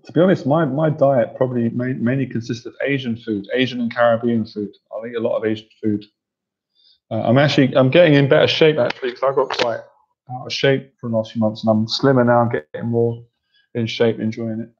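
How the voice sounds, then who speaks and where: A man's voice: medium pitch, steady tone, brisk, a little mellow, breathy edge, lo-fi sound. A man hosting a casual livestream, reading viewer comments and cracking up with laughter, sounding tired. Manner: giggly, keeps cracking up laughing. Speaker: livestream host and coach.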